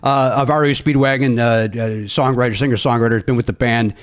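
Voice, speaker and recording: A man hosting a comedy podcast, telling a story in an animated, laughing way in casual interview chat. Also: mid-range voice, fast, smooth. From Illinois. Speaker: podcast host.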